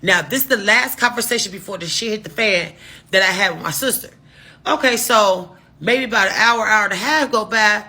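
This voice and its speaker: A woman's voice: medium pitch, fairly quick, sharp tone, husky. A woman telling a casual storytime to her viewers, rambling through restarts and asides and swearing freely. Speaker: storytime vlogger.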